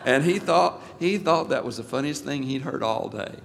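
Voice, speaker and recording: A man's voice: mid-range voice, animated, moderate pace, gravelly, in a large hall, a little hiss or hum. A male pastor and missionary telling a folksy, anecdotal story in a sermon, with frequent restarts.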